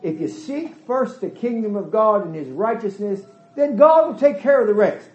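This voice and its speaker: A man's voice: high voice, lively intonation, moderate pace, lo-fi sound, a little hiss or hum. A middle-aged man preaching a sermon in a church hall, emphatic and folksy, voicing quoted dialogue as he goes. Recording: echoey hall.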